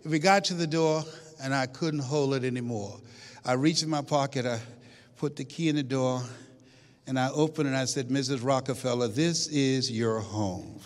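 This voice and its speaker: A man giving a dramatic storytelling speech to a live audience as a motivational speaker, swinging from hushed tones to shouts. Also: medium pitch, fairly even intonation, moderate pace. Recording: long hall reverb.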